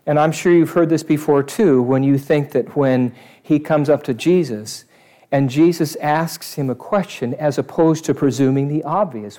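A man preaching a sermon, animated, acting out voices from the story and swinging between loud outbursts and hushed asides. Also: fairly high pitch, normal speed.

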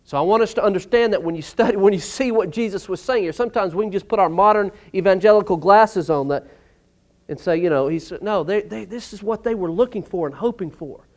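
A male pastor preaching a sermon in a church, emphatic and surging loud on key words. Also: high voice, brisk. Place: church sanctuary.

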